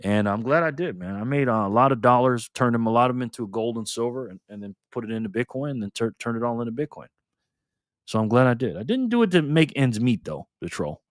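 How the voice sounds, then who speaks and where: A man's voice: medium pitch, expressive, quick pace, no echo, studio quality. A man hosting a casual livestream, reading viewer comments aloud in a loose, laid-back way and calling people man and brother. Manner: loose, repeats and restarts phrases. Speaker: livestream host.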